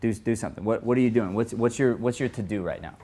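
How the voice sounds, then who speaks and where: A man coaching actors in an acting studio, giving quick direct notes between takes. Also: lowish voice, warm tone, breathy edge. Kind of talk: live coaching in an acting class.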